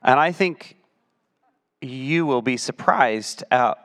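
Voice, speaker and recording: A pastor interviewing a guest during a church service. He leads with prompting questions and drops in a few lighthearted asides, sounding relaxed in front of his congregation. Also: medium pitch, takes it slowly.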